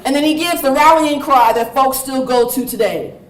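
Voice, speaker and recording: A woman giving a university lecture, telling the story in a lively, animated way with frequent laughter. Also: sits high, normal speed, far from the mic. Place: lecture room. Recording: roomy hall sound.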